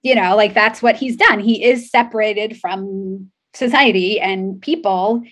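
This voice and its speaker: Woman, podcast co-host, rambling, lots of filler words, relaxed chat. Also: medium pitch, measured pace. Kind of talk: casual political chat.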